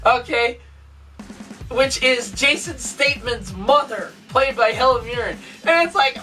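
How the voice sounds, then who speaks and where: A woman giving a casual movie review, retelling scenes excitedly with swearing, sound effects and laughter. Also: high voice, unhurried, far from the mic, faint music behind, low-quality recording.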